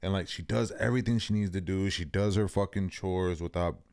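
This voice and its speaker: A young man with a very deep, low voice, chatting bluntly on a podcast. He swears freely and leans hard on his words. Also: steady tone, fairly quick, darkish tone. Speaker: podcast co-host. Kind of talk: casual podcast chat.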